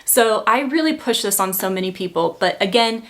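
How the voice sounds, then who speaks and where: A woman's voice: medium pitch, lively intonation, fairly quick, fairly bright tone. A young woman talking casually about her favorite books, chatty and full of fillers, getting emphatic when she feels strongly. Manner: chatty, lots of "like" fillers, gets heated and emphatic. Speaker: book reviewer. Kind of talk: casual chat.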